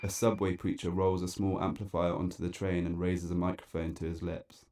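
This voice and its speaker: A man narrating a dark, absurd spoken-word story in a deadpan, wry and theatrical way. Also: deep voice, a little fast.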